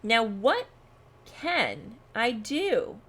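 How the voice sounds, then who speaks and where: A woman's voice: fairly high pitch, very animated, drawn-out words, a bit bright, husky, heavily acted. A woman voicing a boastful male rabbit who snaps and brags, reading a storybook aloud. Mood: pondering. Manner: bragging, snappish. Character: boastful male rabbit proud of his ears.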